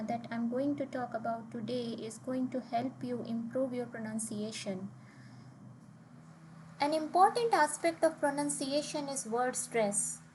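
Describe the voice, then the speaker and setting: A young woman with a high, light voice gives a calm pronunciation lesson. She works through each rule methodically, pausing on one example word after another. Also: a little hiss or hum, low-quality recording. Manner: methodical, explains step by step with examples. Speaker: language test tutor. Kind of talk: instructional explainer.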